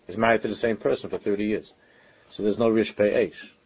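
Husky, low-voiced male religious teacher. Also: fairly even intonation, darkish tone, dull audio. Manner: earnest, conversational, with frequent halting restarts. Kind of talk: informal Torah lecture.

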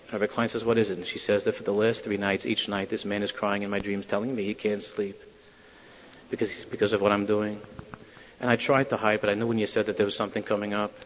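A man telling a Hasidic story to listeners, acting out the quoted voices with lively shifts of tone. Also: fairly low pitch, fast talker, slight background noise. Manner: animated, acts out quoted voices. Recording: dull lo-fi sound in a reverberant hall.

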